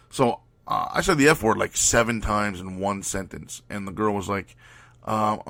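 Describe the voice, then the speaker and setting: A man hosts his own podcast, telling loose, profane stories full of fillers and restarts. His voice sits a little low. It is recorded close and dry, with no room sound. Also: normal speed, gravelly, a bit bright, dry recording. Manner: rambling, profane, lots of fillers. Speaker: podcast host. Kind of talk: casual storytelling.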